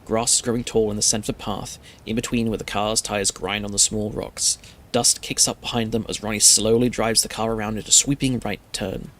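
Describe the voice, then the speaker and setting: A man streamer narrating a scary story in a steady, measured reading. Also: lowish voice, slight background noise.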